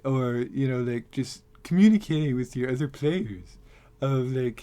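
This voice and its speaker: A man hosting a casual talk, rambling and animated with many restarts. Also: medium pitch, a little slow. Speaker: host. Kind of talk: casual talk on making tabletop game characters.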